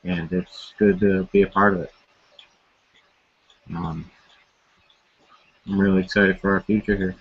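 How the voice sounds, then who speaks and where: A man from Buffalo co-hosting a sports podcast, speaking haltingly about his home city's teams. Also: sits low, flat delivery, husky, no echo, muffled recording. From Buffalo, New York. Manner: halting, with many fillers and restarts. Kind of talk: casual sports chat.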